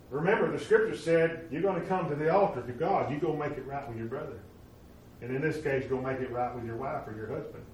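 A man preaching a sermon, retelling stories and acting out the voices of the people in them, moving between loud emphatic lines and hushed ones. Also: mid-range voice. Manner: animated, acts out quoted voices, swings from loud to hushed. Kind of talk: sermon storytelling. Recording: very echoey room, from a distance, faint noise.

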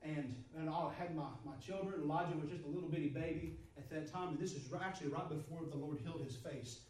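A man's voice: on the high side, fast, darkish tone, reverberant, distant mic, a little hiss or hum, low-quality recording. A man preaching a sermon, emphatic and repetitive, his voice swelling and dropping. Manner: repetitive, emphatic, rises and drops in volume.

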